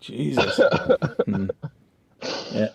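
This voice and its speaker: A man's voice: fairly low pitch, extremely slow, creaky, breathy edge. A man hosting a livestream over a video call, giggly and rambling, swearing through casual banter. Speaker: livestream host.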